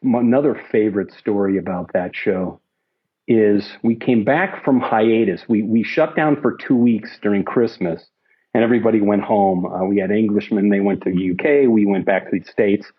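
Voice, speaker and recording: Middle-aged man, film crew storyteller; husky, mid-pitched, rambling, on dull lo-fi interview audio. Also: moderate pace. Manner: rambling, lots of restarts and asides. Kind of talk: anecdotal storytelling.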